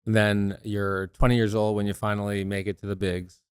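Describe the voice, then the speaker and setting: A man hosts the interview, his voice low and smooth. He recaps the story before he asks his question, and the sound is dry and close. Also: flat delivery, brisk, no room sound. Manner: leading, summarizing questions. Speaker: podcast host, interviewer.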